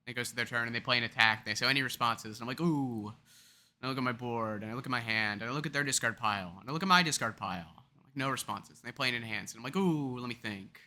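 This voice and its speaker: A man with a very bright, sharp-edged voice and a middle pitch talks through a card game topic in a loose, rambling way. He is chatty and self-deprecating, and he acts out little scenarios as he explains. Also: very fast. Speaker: card game video creator.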